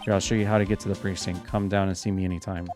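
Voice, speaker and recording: A man's voice: low voice, little pitch movement, racing, close to an everyday voice. A man voicing a friendly police detective who calls everyone pal, reading a game aloud. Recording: game music behind the voice.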